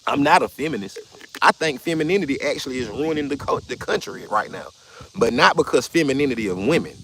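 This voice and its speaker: A man's voice: mid-range voice, lively intonation, fairly quick, a bit bright, a little hiss or hum. Blunt, profane man ranting on a live stream. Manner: blunt, profane, argumentative, repeats himself. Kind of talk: casual live stream rant.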